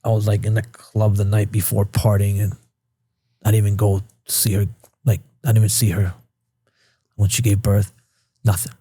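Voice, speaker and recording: A man from Queens in his thirties speaks in a low, mellow and slightly husky voice. He talks bluntly, swears often and replays old conversations line by line. The sound is close and dry, with no room around it. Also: little pitch movement, moderate pace, long pauses, dry recording. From Queens, New York. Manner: blunt, swears freely, retells scenes with quoted dialogue. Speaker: podcast guest. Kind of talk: candid casual storytelling.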